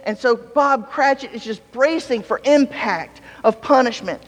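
A man's voice: very high-pitched, a little slow. A man preaching a sermon in a conversational way, mixing playful asides with scripture read aloud. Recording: long reverb of a large hall.

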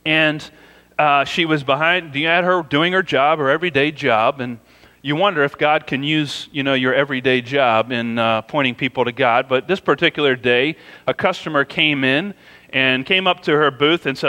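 Conversational preacher, a man with a higher voice. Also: moderate pace, sharp tone, long reverb tail. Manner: conversational storytelling with frequent "you know". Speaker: pastor. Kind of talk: sermon.

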